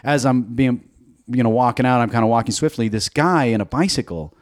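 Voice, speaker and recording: A man, a comedian, telling a road story casually and fast, acting out the people in it. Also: medium pitch. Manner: fast, animated storytelling with acted-out quotes. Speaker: comedian guest.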